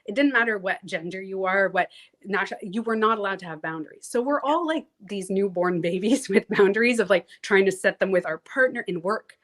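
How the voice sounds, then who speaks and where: A woman coach talking casually in an interview, animated, acting out inner voices and laughing easily. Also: medium pitch, brisk. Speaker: transformation coach, guest.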